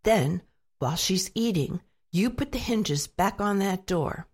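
A woman voicing a brisk, scolding female parrot in a children's storybook. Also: mid-range voice, expressive, a little mellow, breathy edge. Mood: bossy.

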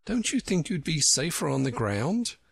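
A man's voice: on the high side, very animated, normal speed, creaky, breathy edge, no room sound, voice pushed up, full character voice. Alice, a polite young girl, voiced by a man. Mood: gentle. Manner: gentle and polite. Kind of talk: storybook reading.

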